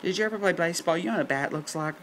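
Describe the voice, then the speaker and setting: A man puts on a male doctor who sounds utterly unbothered. The tone is bright and pushed forward. He lays out grim facts in a flat, clinical deadpan. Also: on the high side, rapid-fire, slight background noise, close to an everyday voice. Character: blunt, matter-of-fact male doctor. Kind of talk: comic storytelling.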